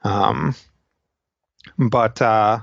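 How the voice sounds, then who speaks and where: A low-voiced man narrating a tabletop game as game master. He talks slowly and meanders through scene descriptions. The recording is dry and a little dull. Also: fairly even intonation, creaky, dry recording.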